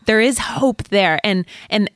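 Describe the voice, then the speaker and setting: A woman's voice: medium pitch, lively intonation, fairly bright tone, no room sound. Earnest woman with a dry close sound. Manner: earnest, quick, speaks directly to listeners. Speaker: podcast guest. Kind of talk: heartfelt encouraging talk.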